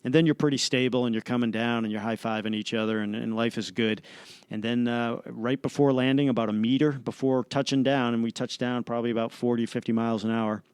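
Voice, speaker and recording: A man recounts an experience in an animated, play-by-play way, full of fillers and quick restarts. His voice is smooth and resonant at a middle pitch. The sound is dry and close, with no room around it. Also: dry recording. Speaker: astronaut guest. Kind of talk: casual storytelling in an interview.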